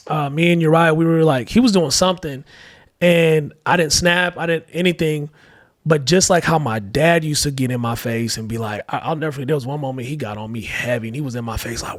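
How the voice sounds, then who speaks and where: Soft-spoken father telling candid stories. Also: fairly high pitch, no echo, studio quality. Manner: candid storytelling with many fillers, acting out quoted voices. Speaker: podcast guest, father. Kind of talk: casual heartfelt conversation.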